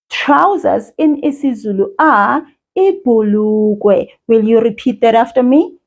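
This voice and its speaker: A woman with a high, light voice runs a language lesson for young children. She talks slowly and cheerfully, in a sing-song way, as if straight to a small child watching. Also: a little mellow. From South Africa. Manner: cheerful, slow and sing-song, speaking directly to a child viewer.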